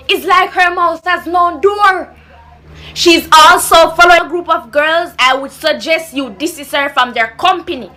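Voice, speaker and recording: A woman's voice: very high-pitched, measured pace, sharp tone. A woman with a Jamaican accent performing a comedy sketch, talking in a scolding, exasperated way.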